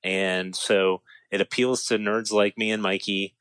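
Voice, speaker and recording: A man co-hosting a casual chat, telling a story with lots of energy, his voice climbing high and breaking into laughter as he gets excited. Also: measured pace, clean tone, no room sound. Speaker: podcast co-host.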